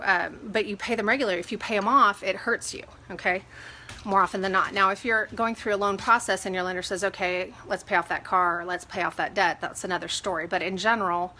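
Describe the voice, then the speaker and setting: A woman real estate agent giving casual advice, sniffling from a cold and animated when she retells her arguments. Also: mid-range voice. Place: home with dogs.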